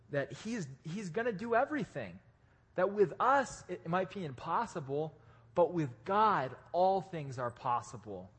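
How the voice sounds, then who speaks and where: A man preaching a casual, joking sermon to a live audience, with lively restarts. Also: a little high, husky. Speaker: pastor. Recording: echoey hall.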